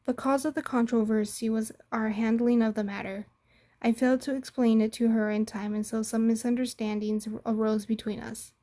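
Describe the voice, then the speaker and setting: A woman's voice: on the high side, level tone, normal speed, dark tone, lightly acted. A woman voicing a guarded hospital director in a story, giving curt, defensive replies.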